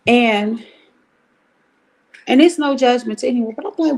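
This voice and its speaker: A middle-aged woman from Cleveland, Ohio, hosts a casual livestream, ranting bluntly and with profanity. Her voice is a little high and a little slow.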